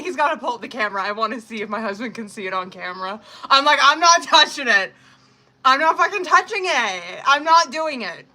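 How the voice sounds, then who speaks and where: A woman's voice: high-pitched, sharp tone. A woman in her thirties or forties chatting casually on a live tarot stream, blunt and profane, laughing often as she reads out messages. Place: home kitchen.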